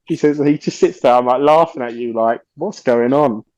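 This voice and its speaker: Lively man telling stories. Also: mid-range voice, moderate pace, no echo, lo-fi sound. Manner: animated storyteller, swears freely, acts out quotes. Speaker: podcast guest, musician. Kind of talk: casual anecdote telling.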